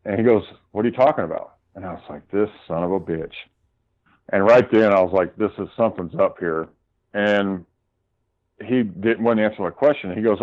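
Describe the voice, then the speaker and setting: A man with a fairly low voice talks as a guest, retelling his arguments with heat and plenty of swearing. The sound is a little dull and lo-fi, and his talk stays casual and conversational. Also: moderate pace. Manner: heated, profane retelling of arguments. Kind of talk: casual storytelling.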